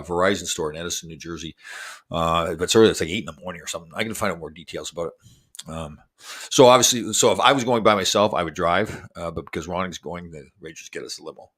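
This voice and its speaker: A man's voice: low voice, a bit bright. A man in his sixties hosting a casual livestream chat, rambling and making self-deprecating jokes. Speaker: show host.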